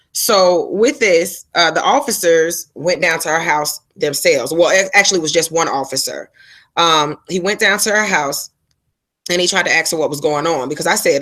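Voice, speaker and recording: A woman's voice: deep voice, fairly bright tone. A woman hosting her own live stream, telling a story in a chatty, slangy way and breaking off to answer her viewers. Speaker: livestream host. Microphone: phone and laptop setup.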